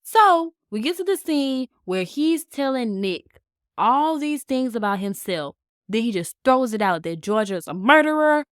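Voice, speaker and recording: A woman's voice: a little high, sing-song, measured pace, clear, resonant tone, no room sound, clean studio sound. A young woman co-hosting a casual podcast chat, blunt and teasing, talking with strong emphasis. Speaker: co-host.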